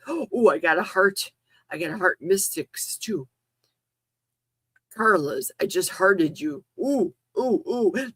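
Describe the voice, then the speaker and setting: A woman hosting a casual livestream, gasping and squealing with excitement as she reads gifts. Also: mid-range voice, slightly rough, dry recording, studio quality. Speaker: livestream host.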